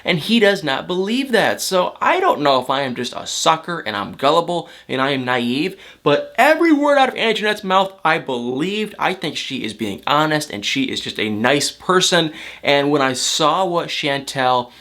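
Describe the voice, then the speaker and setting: A man with a slightly higher voice recaps reality TV in a loose, casual vlog. He talks in a chatty, emotional way, piling on fillers and repeating himself as he goes. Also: very animated, normal speed, few pauses, sharp tone. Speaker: reality TV commentator.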